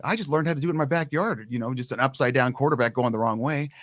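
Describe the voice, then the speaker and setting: A middle-aged man, a long snapping coach, telling his story as a guest in a casual interview, lively and playing out the dialogue as he goes. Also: medium pitch, fast talker, no room sound. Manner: lively storyteller who acts out quoted dialogue.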